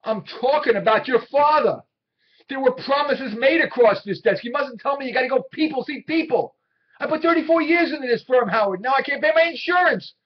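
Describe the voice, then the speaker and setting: An actor playing an aging, desperate traveling salesman in his sixties, pleading with his boss and swinging between quiet memories and angry outbursts. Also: fairly high pitch, lively intonation, moderate pace, slightly rough. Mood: pleading loudly. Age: 60s. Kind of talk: film drama acting. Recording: dull old film soundtrack.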